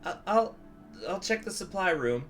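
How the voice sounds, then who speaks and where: A man puts on a nervous young secretary in a much higher voice, stammering and apologetic. She sounds eager to please, a minor character in a political video game. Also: lively intonation, moderate pace, a bit bright, faint music behind. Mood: flustered.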